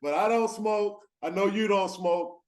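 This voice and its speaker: A man's voice: high-pitched, unhurried. A man hosting a podcast, chatting casually and encouraging his guest. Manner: relaxed, encouraging, echoes the guest's words. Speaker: podcast host. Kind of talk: casual interview chat.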